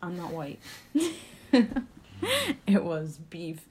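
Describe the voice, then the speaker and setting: A young woman with a low, mellow voice chatting casually as a co-host. She is talkative and jumps in to finish her partner's sentences. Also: fast. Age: young adult. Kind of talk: casual chat.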